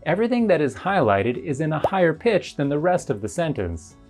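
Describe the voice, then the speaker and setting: Low-voiced woman explaining an English lesson. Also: sing-song, a little fast, a little mellow, faint music behind. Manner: clear, explanatory. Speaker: English teacher. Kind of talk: recorded lesson narration.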